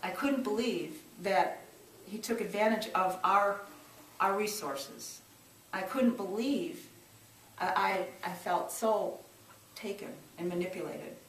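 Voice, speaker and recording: A middle-aged woman shares a personal testimony in an earnest, reflective voice, restarting phrases and pushing certain words hard. Her pitch sits mid-range. The sound is roomy and a little distant, with faint ambience behind it. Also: slow pace, a bit bright, slight background noise. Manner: earnest, reflective, with many restarts and emphatic rises. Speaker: church social service minister.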